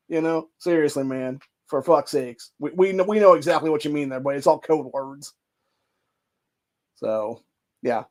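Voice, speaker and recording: This Ohio-accented man hosts a show where he reads news pieces and breaks into angry, swear-filled rants. He speaks at a normal speed in a fairly high voice.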